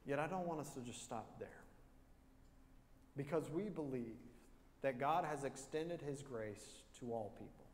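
A man's voice: mid-range voice, animated, measured pace, a little hiss or hum. A male pastor preaching an earnest sermon, telling a story and repeating key phrases for emphasis. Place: church sanctuary. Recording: long church reverb.

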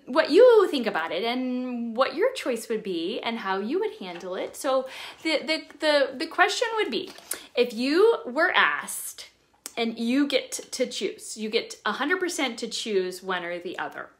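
A woman vlogger talking casually to her viewers, chatty and animated as she shares personal reflections. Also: a little high. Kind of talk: casual talk to camera.

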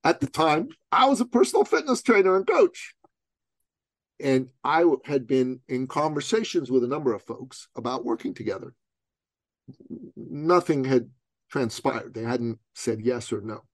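A man's voice: medium pitch, lively intonation, moderate pace, no echo. A middle-aged man from Iran, a guest telling a motivational story in conversation, emphatic and full of rhetorical questions. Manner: streetwise, calls the host "bro".

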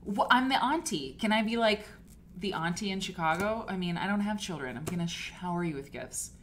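A woman's voice: medium pitch, lively intonation, a little fast, fairly bright tone, a little hiss or hum. A woman hosting a casual live quilting stream, gushing and chatty, rambling with fillers and restarts. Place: home studio. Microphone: desk mic for a live stream.

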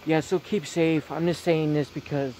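A man giving a casual vlog tour of holiday decorations outdoors on a phone, talking gently and repeating himself often. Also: a little high, fairly even intonation, normal speed, slight background noise. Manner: repetitive, gentle, keeps saying very very nice. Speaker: vlogger. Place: outdoors at night by a house.

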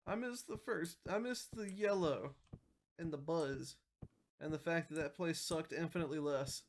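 A woman's voice: low-pitched, moderate pace, a little hiss or hum. Jumpy, swearing woman streaming a game. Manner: jumpy, swears often, talks to herself and chat; nervous, wavering loudness. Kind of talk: live gameplay commentary.

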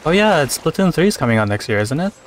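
A man's voice: fairly high pitch, big pitch swings, quick pace, a little hiss or hum. A man streaming a game with a friend, chatting casually on a headset, joking, swearing and greeting viewers. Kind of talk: casual gaming banter.

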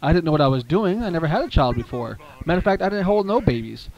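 A man telling a playful story with toys, animated and lively, dropping low for heartfelt asides. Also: quick pace, muffled recording.

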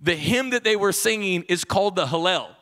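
A pastor delivering a sermon in a high, ringing voice. He talks to the congregation like a friend, animated and quick to restart a thought. He acts out quotes along the way. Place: church stage.

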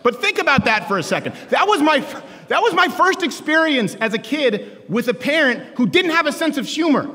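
A man in his thirties giving a joking, sarcastic campus speech to students, shouting his punchlines. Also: extremely high pitch, big pitch swings, a little fast, hardly any pauses. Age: 30s. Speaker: political commentator speaking to students. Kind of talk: stand-up style campus speech. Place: large lecture hall with a live audience. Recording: echoey hall, live crowd.

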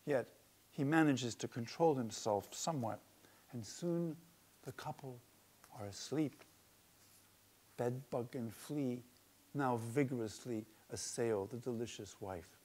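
A man reading aloud from his own book of fables, deliberate and relishing the words. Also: medium pitch, a little mellow. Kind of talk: storybook narration.

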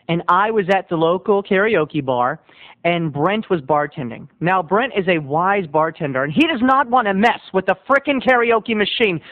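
A man video blogger telling a comic story in a theatrical, flamboyant manner. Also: high-pitched. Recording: tinny lo-fi phone-like sound.

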